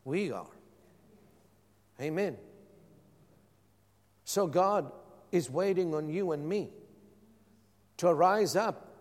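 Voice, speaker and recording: A man preaching a sermon as pastor, calling out questions to his congregation. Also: fairly high pitch. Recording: long hall reverb.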